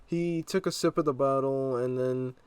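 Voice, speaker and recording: A man's voice: mid-range voice, fairly even intonation, normal speed, a little mellow, clean tone, no room sound. Rambling young man telling a story. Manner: rambling, exasperated, with fillers. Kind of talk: casual storytime narration.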